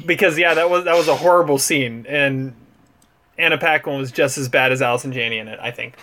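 A man's voice: mid-range voice, fairly quick, sharp tone. A man co-hosting a casual movie podcast, laughing often and repeating himself as he talks. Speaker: podcast co-host.

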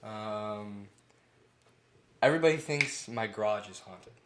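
Young male guest, casual rambler, lowish voice, roomy echo. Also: unhurried. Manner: easygoing, rambling, laughs often. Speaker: musician guest. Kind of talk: casual podcast interview. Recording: echoey room, faint noise.

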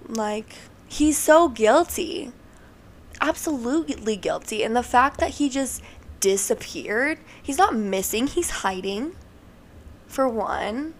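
Young woman rambling on her podcast, kinda high voice, tired and emotional, lots of likes and ums. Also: expressive, measured pace, a little hiss or hum. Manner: chatty and emotional, many fillers. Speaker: podcast host. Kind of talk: casual podcast monologue.

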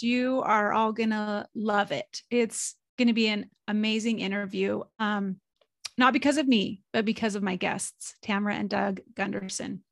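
A woman's voice: medium pitch, dry recording. A woman hosting a faith podcast, talking in an emotional, chatty way as she introduces her guests. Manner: warm-hearted, emotional, chatty. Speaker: podcast host.

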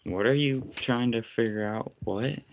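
A man's voice: mid-range voice, a little slow, creaky, a little hiss or hum. A man co-hosting a podcast in casual chat, blunt and teasing. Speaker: podcast co-host. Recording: slightly muffled podcast audio.

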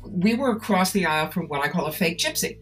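Low-voiced woman, emphatic storyteller. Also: fast talker, slightly rough, soft background music. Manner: animated storyteller, emphatic and persuasive. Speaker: author and psychic tarot reader. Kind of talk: interview conversation.

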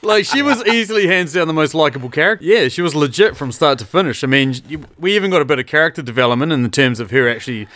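An eager, tipsy film buff with a slightly high voice, recorded dry and close with no room sound. He swears freely and jumps in with bits of movie trivia. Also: expressive, quick pace, few pauses, fairly bright tone, no echo. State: drunk. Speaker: podcast co-host. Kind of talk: casual drunk movie chat.

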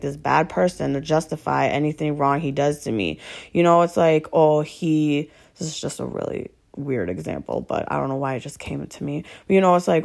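A woman's voice: sits low, vocal fry, darkish tone. A woman talking off the cuff in a loose, rambling way, packed with filler words and swearing, often exasperated and asking rhetorical questions. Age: adult with children. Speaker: vlogger venting about her partner. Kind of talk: casual unscripted monologue.

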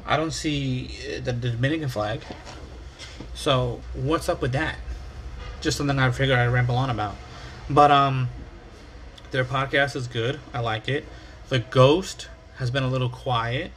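A man's voice: medium pitch, a bit bright, a little hiss or hum. A man from the United States hosting his own podcast, rambling casually, swearing and making fun of himself. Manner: rambling, profane, self-mocking. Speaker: podcast host.

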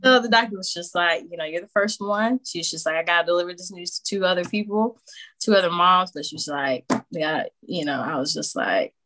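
A woman guest on a podcast casually telling a personal story, animated, acting out what others said and laughing often. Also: fairly low pitch, fairly quick. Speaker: podcast guest, new mother.

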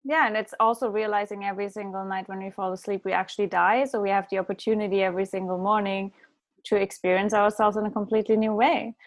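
A woman hosts a reflective spiritual conversation, thoughtful and affirming. She reaches for her words as she goes. Her pitch sits in an ordinary middle range for a woman. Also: fairly even intonation, quick pace. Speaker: host.

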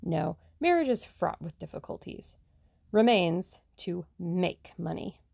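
A woman voicing a plucky, scheming young woman adventurer in a brisk, self-assured way. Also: lowish voice, animated, creaky, a little mellow, no echo, studio quality, heavily acted.

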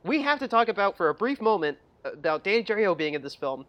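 Casting: chatty, giggly film podcaster who acts out scenes, mid-pitched voice. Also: very animated, fast talker, lo-fi sound. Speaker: movie review podcast co-host. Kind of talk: casual chat.

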